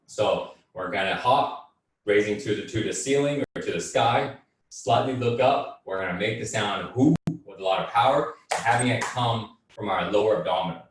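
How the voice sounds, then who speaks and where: Calm male workout coach in echoey room. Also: on the low side, moderate pace, far from the mic, slight background noise. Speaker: fitness and breathwork instructor. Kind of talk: guided group workout instruction.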